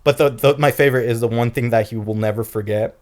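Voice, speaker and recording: Young male co-host, loose storyteller, heavy swearing, average pitch. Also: fast. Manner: profane, animated retelling with acted quotes. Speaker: podcast co-host. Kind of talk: casual storytelling.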